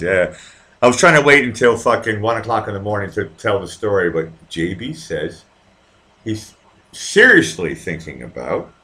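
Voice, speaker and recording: A man with a slightly low voice and a faint Boston accent talks casually to his live stream viewers. He rambles, curses freely and speaks straight to individual viewers. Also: bright, forceful tone. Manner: rambling, profane, chatty with viewers. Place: home in Vienna.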